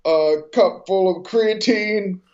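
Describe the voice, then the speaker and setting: A man co-hosting a comedy podcast with casual, giggly, deadpan teasing banter. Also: sits high, takes it slowly. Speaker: co-host. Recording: dull lo-fi podcast mic.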